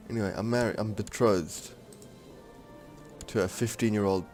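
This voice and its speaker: A man's voice: on the low side, fairly even intonation, normal speed, long pauses, darkish tone, faint music behind. A man giving casual gameplay commentary on a strategy game, thinking aloud in a rambling, frank way. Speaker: strategy game let's-player.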